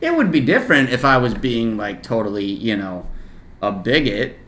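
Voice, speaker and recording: A man's voice: medium pitch, big pitch swings, moderate pace. A young man co-hosting a podcast, telling stories in casual chat with sarcasm and swearing. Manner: sarcastic, loud mocking heckler voices in stories, swearing. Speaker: podcast co-host. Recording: roomy echo.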